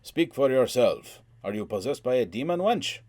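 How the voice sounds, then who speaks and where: A man voicing a brash, booming male warrior in an audiobook. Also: very animated, moderate pace, darkish tone, dry recording.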